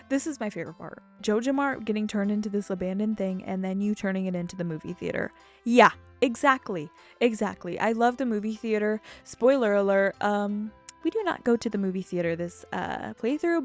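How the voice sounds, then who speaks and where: A young woman chatting casually over her gameplay, rambling from topic to topic, getting excited and swearing freely. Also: mid-range voice. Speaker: gaming YouTuber.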